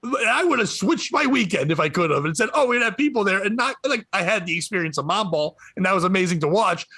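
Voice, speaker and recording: A comedian telling a story on a podcast, swearing a lot and ranting with animated energy. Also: male voice, high voice, fast, husky, no echo. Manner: profane, animated rant.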